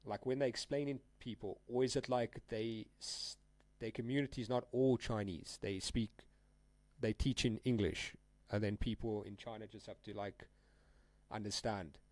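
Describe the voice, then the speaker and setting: A man's voice: on the low side, fairly even intonation, moderate pace, a little mellow, no room sound. Casual slangy trading streamer, a man. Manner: casual, slangy, addresses viewers as guys and dude. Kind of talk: live stream commentary.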